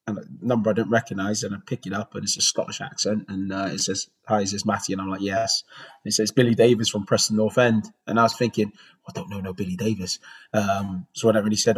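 A man's voice: on the low side, darkish tone, slightly rough, rough recording. A man in his forties with a Bristol accent, a former goalkeeper telling stories in a rambling interview, with many restarts. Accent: Bristol English. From Bristol, England. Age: 40s. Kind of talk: casual interview storytelling.

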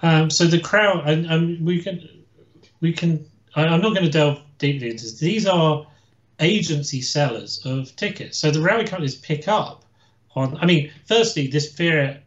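A man's voice: a little high, moderate pace. A man co-hosting a casual history chat, talking hesitantly with many fillers and restarts. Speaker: co-host, history researcher. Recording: echoey room, dull lo-fi sound.

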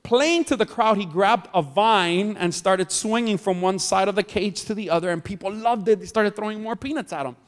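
A man's voice: sits high, moderate pace, hardly any pauses. A man preaching a sermon as pastor, telling a story and joking with the congregation. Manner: jokey, chats with the congregation. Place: church hall. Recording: long hall reverb.

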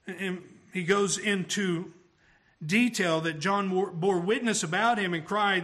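A man preaching a sermon emphatically, his voice swelling louder on key phrases. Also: high-pitched, normal speed.

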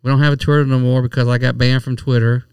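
A man trades crude, teasing podcast banter in a gravelly yet smooth voice. He sits a little back from the mic, and the sound is dry and close-walled. His pitch sits in the middle of the range. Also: little pitch movement, fast talker, a little mellow, dry recording, recorded from a distance. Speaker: podcast co-host.

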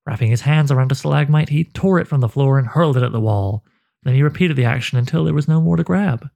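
A man narrating a dark fantasy story with a measured, dramatic delivery. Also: medium pitch, creaky.

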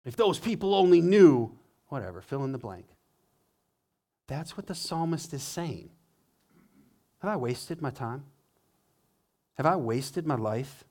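A man who is a pastor preaching a sermon, swinging from hushed to emphatic and acting out quoted complaints in a whining voice. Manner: dramatic, acts out quoted complaints in a higher whining voice.

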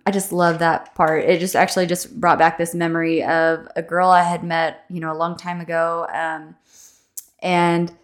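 A young adult woman hosting a devotional podcast, chatting casually with many fillers and slowing down to read scripture aloud. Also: lowish voice. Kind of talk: casual devotional reading and reflection.

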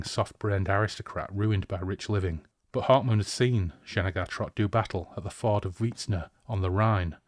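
A man talking through a fantasy novel with chatty enthusiasm, switching between reading and commentary. His voice sits fairly low and sounds dry and close to the mic. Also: dry recording. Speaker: podcast co-host. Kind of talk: book discussion and reading aloud.

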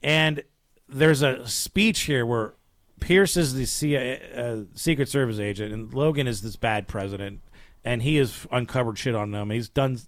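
Unhurried and medium-pitched, this podcast co-host retells a behind-the-scenes story in casual chat, bringing it to life with acted-out quotes. The recording is dry and studio quality.

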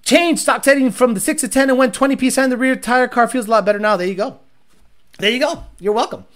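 A man's voice: very high-pitched, fast talker, fairly bright tone. A man hosting a live stream in crude, rambling, profane chat. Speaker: livestream host.

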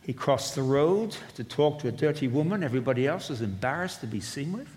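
A man preaching a sermon, moving between loud proclamation and quiet asides. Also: medium pitch, animated, fairly quick. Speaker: pastor. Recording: long reverb of a large hall.

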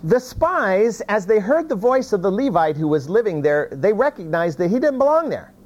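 A man's voice: sits high, normal speed. A man teaches from the Bible in a sermon, retelling the story in his own folksy words. His voice moves widely up and down as he talks, and he often restarts a phrase before carrying on. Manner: animated storytelling with many restarts and folksy asides.

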